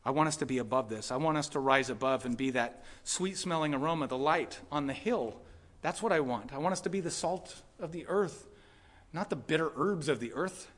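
A high-pitched man delivering a Sunday sermon. He moves between quiet explanation of scripture and loud, impassioned preaching. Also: fairly quick. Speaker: pastor.

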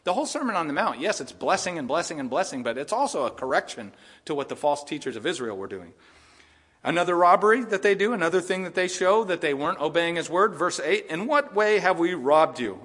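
A pastor in a church sanctuary gives an animated sermon. His voice sits fairly high, and he laughs as he plays out the people's protests and God's answers. A long hall reverb trails every phrase. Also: fast, breathy edge. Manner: animated preaching, laughing at the text, acting out voices of people and God.

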